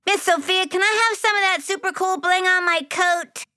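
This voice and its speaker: A squeaky young girl bee. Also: moderate pace, bright, forceful tone, no echo, clean studio sound. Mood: eager. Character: young excitable girl bee, wide-eyed.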